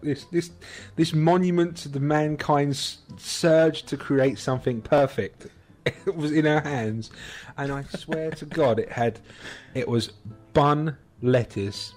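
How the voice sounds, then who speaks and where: An English man co-hosting a podcast, telling a rambling, sweary anecdote and acting out other people's voices. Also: medium pitch. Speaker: podcast co-host. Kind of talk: casual storytelling chat.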